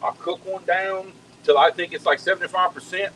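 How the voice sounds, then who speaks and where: A man's voice: high voice, steady tone, brisk, pushed and bright, slight background noise, rough recording. A man, chatting casually with viewers while cooking at home, folksy and talkative, often repeating words as he goes. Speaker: home cook hosting a live cooking stream.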